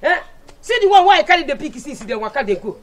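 A woman with a Nigerian accent in a comic skit, loudly scolding and switching between Pidgin and Igbo. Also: high voice, very animated, fast, a little hiss or hum. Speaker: title comedy character.

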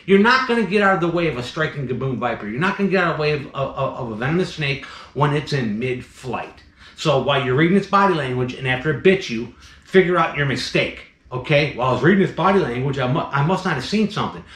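A man's voice: on the high side, pushed and bright, roomy sound. A man who breeds venomous snakes, ranting bluntly in a vlog, fired up and repeating himself. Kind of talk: impassioned vlog rant.

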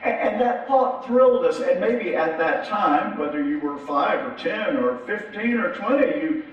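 A man's voice: high voice, expressive, moderate pace, dull audio. A middle-aged man preaching a sermon as pastor, talking conversationally and often repeating his words as he restarts. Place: large church sanctuary. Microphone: distant from the mic. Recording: echoey church hall from far off.

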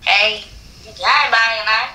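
A woman's voice: on the high side, steady tone, unhurried, sharp tone, a little hiss or hum, poor audio. A woman chatting with a stranger on video, giggly and teasing. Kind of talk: casual chat.

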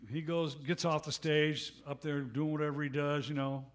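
A man's voice: fairly high pitch, flat delivery, normal speed. A man, a bandleader at a live gig, telling a long anecdote between songs in a rambling, conversational way, full of asides, recorded on a stage microphone in a music club. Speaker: bandleader and harmonica player.

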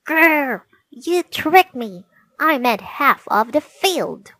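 Lady doing a squeaky angry little gnome guy, yells at everything, storybook, dry close sound. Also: slow, no echo. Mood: furious. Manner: shouting, indignant. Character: small quick-tempered male gnome.

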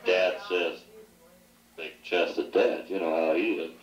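A man's voice: sits low, lively intonation, takes it slowly, dull audio. A middle-aged man telling joking, teasing stories as the son at a family party. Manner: joking, teasing, laughs at his own stories. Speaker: son giving a toast. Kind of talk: rambling anecdotes at a family party. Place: party room at an anniversary celebration. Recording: echoey 1980s home video from far off.

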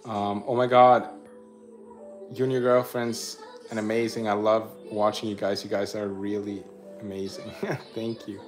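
A man's voice: fairly low pitch, little pitch movement, a little slow, faint music behind. A young man hosting a casual livestream, chatting and laughing as he reads out viewer comments and thanks them. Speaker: livestream host reading chat.

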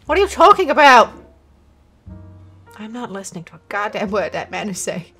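A woman gamer at home giving frustrated commentary on a game, swearing and shouting often. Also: medium pitch, sing-song, normal speed, husky, soft background music. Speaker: let's play gamer.

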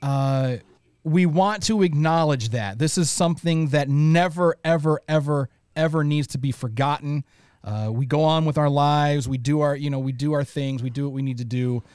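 A man's voice: on the high side, moderate pace, darkish tone, clean tone, no echo. A man hosting a podcast panel, introducing guests with playful jokes. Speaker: host. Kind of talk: casual podcast panel chat.

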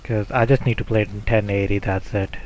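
A man's voice: on the low side, a little fast, slight background noise. Casual British man chatting while gaming. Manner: relaxed, rambling, with frequent fillers. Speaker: streamer host.

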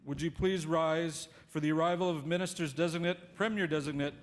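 A man hosts a formal ceremony with polished, genial delivery, his voice pitched a little high. A long reverb trails each phrase through the hall. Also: steady tone, a little fast. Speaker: master of ceremonies. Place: hall at official residence.

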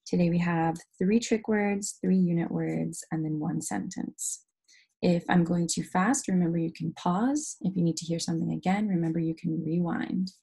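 Young woman teacher walking kids through phonics step by step, low husky voice w some gravel. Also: steady tone, normal speed, dark tone. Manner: patient, step-by-step explaining. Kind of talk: online phonics lesson.

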